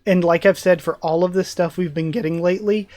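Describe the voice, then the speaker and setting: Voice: medium pitch, steady tone, a little fast, darkish tone, no echo. A channel host giving an earnest, enthusiastic live reaction to new manga chapters, emotional and close to tears. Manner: earnest, enthusiastic fan commentary. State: emotional, tearing up. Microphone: facing camera, close mic.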